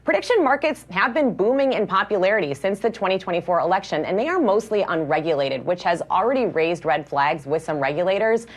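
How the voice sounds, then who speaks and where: A female news reporter delivering a scripted report in a measured, even manner. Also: lowish voice.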